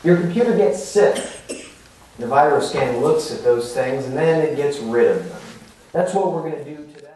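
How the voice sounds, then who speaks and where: A man's voice: fairly high pitch, expressive, normal speed, warm tone. A man preaching a sermon as pastor, explaining scripture in a conversational teaching manner with fillers and rhetorical asides. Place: church sanctuary. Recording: echoey hall from far off.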